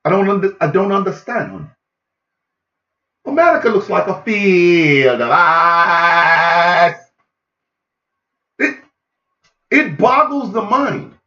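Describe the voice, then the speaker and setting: High-voiced male comic ranter, piercing and animated; echoey, muffled lo-fi sound. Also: takes it slowly, long pauses. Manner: loud, incredulous, repetitive ranting. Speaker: comedy podcast host. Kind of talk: ranting comedic monologue.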